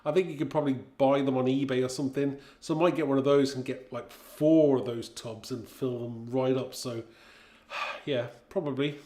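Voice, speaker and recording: A man's voice: medium pitch, steady tone, normal speed, dark tone, echoey room. A man in his fifties from Britain, hosting a live craft stream in a casual, chatty way, reading viewers' comments aloud and laughing often. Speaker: craft livestream host.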